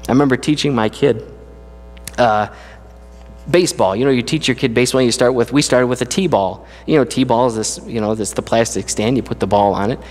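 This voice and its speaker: A middle-aged man preaching a sermon as a pastor, with earnest, conversational delivery that lifts in pitch when he speaks of praise. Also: brisk, a little mellow. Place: church sanctuary. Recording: long church hall reverb.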